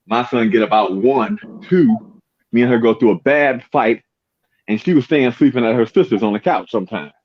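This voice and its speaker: Man, casual chat, storyteller, acts out voices, middle pitch, dull lo-fi sound. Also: normal speed.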